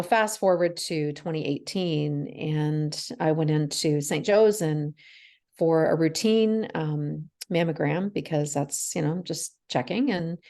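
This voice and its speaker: Low gravelly-voiced woman telling her story. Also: warm tone. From Canada. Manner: candid, laughs through hard memories, acts out dialogue. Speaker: interview guest. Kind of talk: personal storytelling interview.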